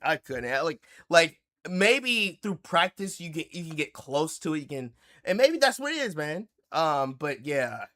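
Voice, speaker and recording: A male streamer chats casually with his viewers while reacting to videos. His voice sits a bit high, and he rambles, stops and restarts his thoughts often. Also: sing-song, fairly bright tone. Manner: rambling, halting, full of restarts. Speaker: livestream host.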